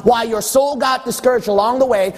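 A male pastor preaching a sermon, emphatic, full of rhetorical questions and building to shouts. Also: extremely high pitch, steady tone, fairly quick, in a large hall.

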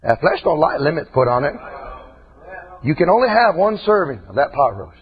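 A man preaching a fiery sermon in a folksy way, dropping to quiet talk and rising to shouts. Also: a little high, very animated, normal speed. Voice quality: husky. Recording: dull lo-fi church recording.

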